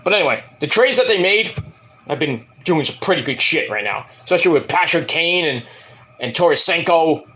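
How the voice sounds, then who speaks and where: A man's voice: on the high side, lively intonation, a little fast, pushed and bright. A man giving a casual, rambling wrestling review, full of fillers and profanity, who slips into angry rants. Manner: profane, ranting, hesitant with fillers.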